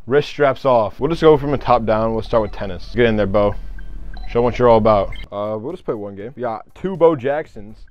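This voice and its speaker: Young man, gameplay commentary, loud and excitable, swears a lot, faint game music behind. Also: fairly low pitch, normal speed, muffled recording. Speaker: gaming YouTuber.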